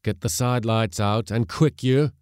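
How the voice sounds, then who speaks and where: A man reading aloud and growling as a huge, rough-tongued sea skipper who bullies his mate. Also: medium pitch, moderate pace, a little mellow, dry recording, clean studio sound, pitched above the performer's own voice, natural voice. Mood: bullying. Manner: growling, gruff and taunting.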